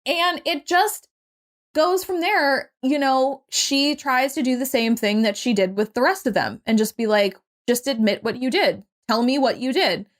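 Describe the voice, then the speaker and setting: A young adult woman co-hosting a podcast casually recaps a movie, throwing in lively quoted voices and the occasional swear word. Her voice is high and unhurried.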